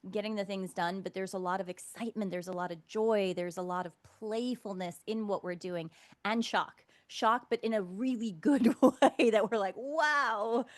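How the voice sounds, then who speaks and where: A woman's voice: mid-range voice, fairly even intonation, moderate pace, darkish tone. A woman hosting a casual interview, bubbly and enthusiastic, often affirming her guest. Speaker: interview host.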